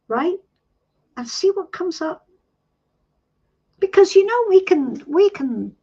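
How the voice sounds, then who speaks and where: British tarot lady on a live stream, high bouncy voice, kind of dull lo-fi sound. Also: expressive, takes it slowly, long pauses. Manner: warm, reassuring, calls people sweetie. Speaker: tarot reader and host. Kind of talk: live-stream coaching chat.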